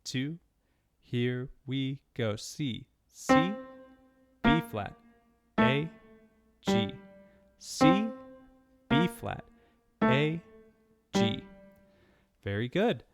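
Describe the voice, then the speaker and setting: Slow, patient male piano teacher. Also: medium pitch, animated. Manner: patient, counts notes aloud while playing. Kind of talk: step-by-step piano lesson. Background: piano playing.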